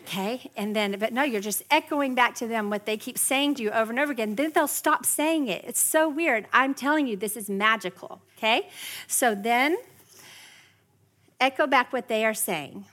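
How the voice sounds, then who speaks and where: Woman in her forties, workshop speaker, bright and a bit high, animated teaching style. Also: moderate pace. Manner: animated, acts out kids' whiny voices. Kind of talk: live parenting workshop talk. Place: workshop room with a live audience.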